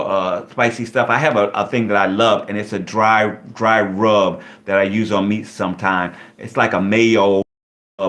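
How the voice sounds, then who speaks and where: A man's voice: lowish voice, a bit bright. A man hosting a live online Q&A, chatting casually and rambling with many fillers. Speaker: live stream host.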